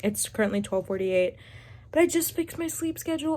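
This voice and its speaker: A young woman casually vlogging her reactions to a book, gushing and excitable, swinging between squeals and hushed murmurs. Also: mid-range voice, fast. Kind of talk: casual reading reaction vlog.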